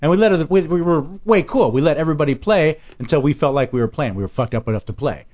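A man's voice: on the high side, quick pace, a little mellow, highs cut off. A man who is a guest on a chat show, telling rambling stories, acting out other people's lines and swearing freely. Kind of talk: casual talk-show chat.

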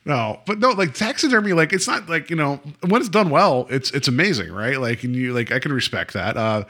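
A man's voice: medium pitch, animated, fairly quick, bright, forceful tone. A man co-hosting a podcast, chatting casually about a TV episode, rambling with lots of fillers and acting out the characters' lines. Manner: rambling, many fillers, acts out quotes. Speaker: podcast co-host. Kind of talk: casual chat reviewing an episode.

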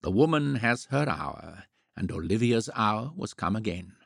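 Gravelly, husky male narrator, very slow. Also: on the low side, lively intonation, dry recording, clean studio sound. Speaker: audiobook narrator. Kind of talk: scripted narration.

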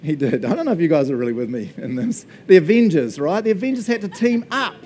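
A man with a New Zealand accent preaching a lively, playful sermon, laughing often and now and then shouting for joy. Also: a little high, quick pace, a little hiss or hum.

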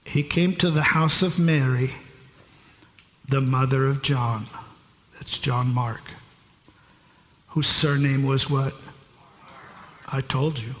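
A man's voice: mid-range voice, steady tone, slow pace, pauses often. A middle-aged male pastor preaching a sermon in a large church hall, asking the congregation rhetorical questions and answering them himself. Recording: echoey hall with long reverb.

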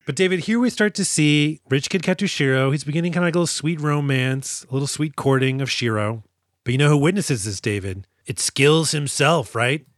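A man's voice: on the high side, fairly quick, no room sound, clean studio sound. A man co-hosting a casual movie podcast, joking around and retelling film scenes with bits of put-on dialogue. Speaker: podcast co-host. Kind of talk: casual movie-review chat.

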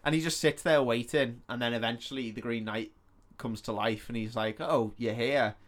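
A man's voice: mid-range voice, fairly even intonation, normal speed. Man rambling through a film plot. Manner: rambling, sweary, acts out characters' lines. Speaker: podcast co-host. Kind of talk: casual chat retelling a film plot.

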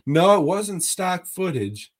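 A man's voice: sits high, sing-song, takes it slowly, husky. A man co-hosting a podcast, casually reviewing movies in a laid-back, profane way with frequent chuckles. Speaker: podcast co-host.

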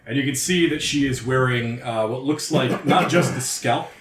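A man's voice: medium pitch, normal speed, echoey room, slight background noise. A man running a tabletop game as game master, narrating scenes and ruling on rolls with easy laughs.

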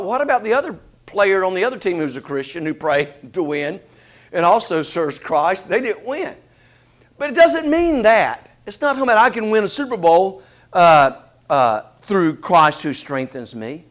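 High-voiced man preaching a sermon. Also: normal speed. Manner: animated preaching, rhetorical questions, voices shifting up and down.

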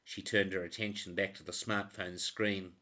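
A man narrating a crime novel audiobook in a steady, even reading voice. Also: deep voice, normal speed.

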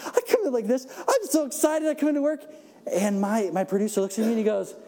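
A man preaches by telling animated personal stories, often laughing and slipping into the voices of the people in them. His voice sits very high for a man. It has a soft, mellow tone. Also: quick pace. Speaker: church speaker. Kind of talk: sermon storytelling.

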